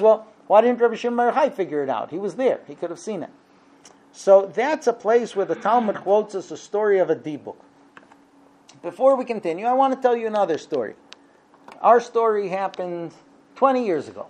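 A man in his thirties telling a religious story in a casual, lively way, acting out the voices of the people in it. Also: high-pitched. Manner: lively, acts out quoted voices. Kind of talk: storytelling talk.

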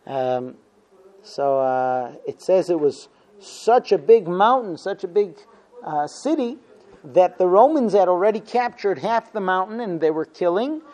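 A man teaching a Talmud class, telling a story with lively acted-out quotes and frequent fillers. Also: high voice, measured pace. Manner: animated storyteller, acting out quotes, many fillers. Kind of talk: storytelling lesson.

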